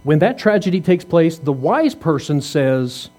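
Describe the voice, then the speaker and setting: A man's voice: on the high side, big pitch swings, a little slow, few pauses, darkish tone. A man in his fifties, a pastor preaching a sermon in a conversational way, asking rhetorical questions and teasing the congregation. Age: 50s. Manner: jokes and teases the congregation.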